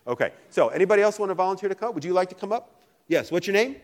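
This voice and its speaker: A man's voice: sits high, expressive. A middle-aged man from Virginia, a literature professor who jokes and teases while picking volunteers from an audience. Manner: fast, joking, teasing. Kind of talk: lively classroom talk to an audience.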